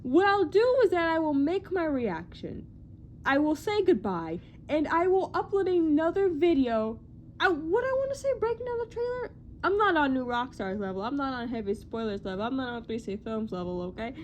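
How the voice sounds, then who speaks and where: A young woman chatting casually in a vlog about movie news, excitable and rambling, often self-deprecating and full of "like". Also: high voice, normal speed, lo-fi sound, slight background noise.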